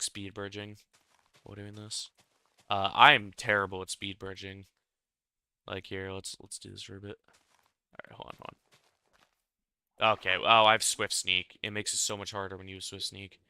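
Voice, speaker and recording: A man's voice: on the low side, level tone, fairly quick, bright, forceful tone, clear, resonant tone, dry recording. A young man chatting casually while he builds in a game, rambling and self-deprecating, often chuckling at himself. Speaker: Minecraft building creator. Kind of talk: casual gameplay commentary.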